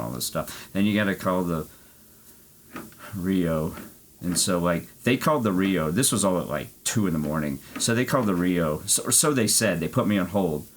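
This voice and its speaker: A man streaming an arcade golf game, telling a rambling story and swearing freely. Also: sits low. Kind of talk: casual chat.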